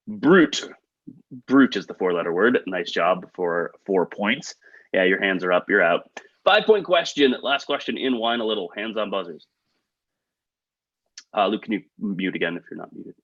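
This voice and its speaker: Male trivia host, lively delivery, jokey asides, lo-fi video call sound. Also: fairly low pitch, no room sound. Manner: upbeat, quick asides, chuckles at own jokes. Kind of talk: reading trivia questions, joking asides. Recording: dull, lo-fi video call audio.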